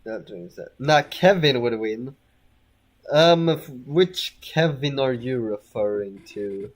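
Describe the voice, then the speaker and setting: A man's voice: medium pitch, animated, takes it slowly. A man giving casual let's-play commentary, rambling and hesitant with frequent stammers and restarts. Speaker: gameplay commentator.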